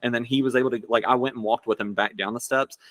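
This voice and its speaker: A man's voice: medium pitch, fairly even intonation, fast, fairly bright tone, no echo. A young man co-hosting a podcast, telling a personal story in casual chat, rambling and filling his talk with "like". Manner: rambling storyteller, heavy filler "like". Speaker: podcast co-host.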